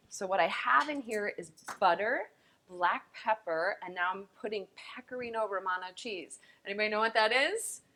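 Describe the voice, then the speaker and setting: A woman's voice: mid-range voice, sharp tone. A woman chef teaching a cooking lesson in a kitchen, chatty and enthusiastic, talking straight to the viewers.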